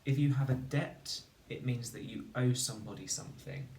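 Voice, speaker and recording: A man teaching a phonics lesson, slowly and carefully sounding out each word for young learners. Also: mid-range voice, creaky, darkish tone, slight background noise. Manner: slow, deliberate, sounding out words. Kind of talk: recorded spelling lesson. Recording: echoey room, mic at a distance.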